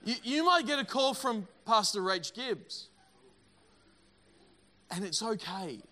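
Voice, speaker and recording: A middle-aged man preaching a sermon, energetic and emphatic, often repeating words. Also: sits high, slow pace. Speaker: pastor.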